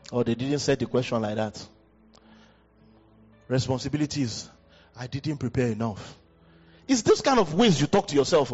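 Animated preaching man in a reverberant hall. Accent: West African. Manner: animated preaching, jumps high in pitch for emphasis. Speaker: pastor. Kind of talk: sermon. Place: church hall. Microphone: handheld mic. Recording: dull hall recording with long reverb.

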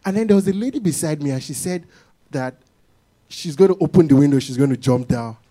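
A man preaching a sermon, his voice sitting a little high but warm and mellow in tone. His delivery is animated, and he often slips into acting out the lines of the people in his stories. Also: fairly quick.

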